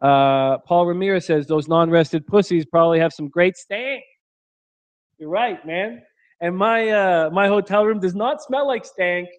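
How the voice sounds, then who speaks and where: A man with a fairly high voice hosts a late-night betting stream and reads out the chat. He jokes crudely and laughs often. The sound is dry and close, with no room echo. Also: unhurried, clean tone. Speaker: sports betting show host. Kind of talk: live-stream chat reading. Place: hotel room.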